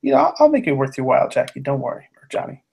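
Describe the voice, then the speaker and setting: A man playing a tabletop game speaks in character, casual and hesitant with many restarts. His mid-range voice is gravelly, mellow, and slightly rough, and he talks very fast and very animatedly.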